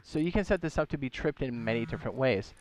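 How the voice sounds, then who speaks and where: A man's voice: medium pitch, lively intonation, fast talker, a little hiss or hum. A man streaming a game live, casually walking viewers through how things work step by step and answering chat questions with playful asides. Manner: chatty, explains step by step while reading chat questions aloud; playful asides and goofy sound effects.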